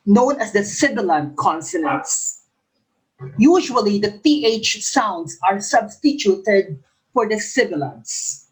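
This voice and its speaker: A man's voice: high voice, very animated, takes it slowly, poor audio. A male English professor with a lisp, coaching future teachers through exam questions by reading each one twice and explaining the answer. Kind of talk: exam review lecture.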